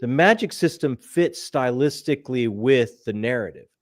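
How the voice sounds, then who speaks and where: A man's voice: medium pitch, animated. Earnest guy hosting book chat, keeps restarting sentences. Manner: earnest, halting, many restarts. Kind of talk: casual book discussion.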